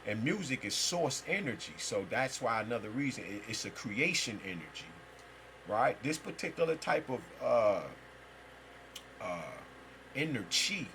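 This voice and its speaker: A man's voice: mid-range voice, big pitch swings, a little slow, bright, forceful tone, slight background noise, poor audio. Male spiritual teacher, mid-range voice, loose and emphatic, swears freely while riffing. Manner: rambling, emphatic and profane, with heavy slang. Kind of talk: free-flowing spiritual monologue.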